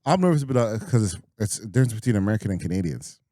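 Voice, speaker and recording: A man co-hosting a podcast, making emphatic, drawn-out points in casual sports banter. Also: lowish voice, animated, warm tone, dry recording, studio quality. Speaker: podcast co-host.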